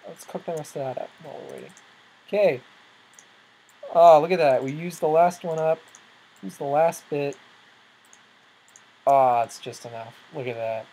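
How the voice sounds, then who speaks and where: A let's-play host giving casual commentary on their own gameplay, thinking out loud and startling easily. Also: medium pitch, breathy edge, poor audio.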